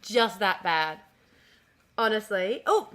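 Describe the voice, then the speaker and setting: A woman's voice: mid-range voice, lively intonation, slow pace, fairly bright tone. A woman live-streaming casually from home, talking in a chatty, easily distracted way, swearing and restarting her sentences.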